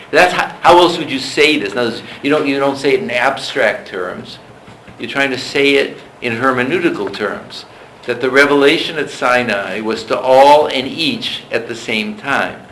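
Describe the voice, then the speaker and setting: A male lecturer leading a seminar, talking in a discursive, halting way with frequent restarts. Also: medium pitch, a bit bright, reverberant, slight background noise, low-quality recording.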